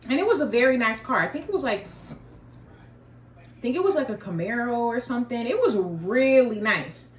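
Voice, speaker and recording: A woman's voice: fairly high pitch, lively intonation, normal speed, distant mic. Chatty woman telling a story in an echoey room. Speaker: vlogger. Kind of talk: casual storytime while eating.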